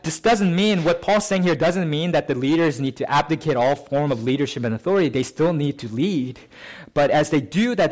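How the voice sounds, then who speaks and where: A male pastor preaches conversationally, frequently tacking on "right?" to check in with listeners. On key phrases, he raises his pitch and slows down for stress.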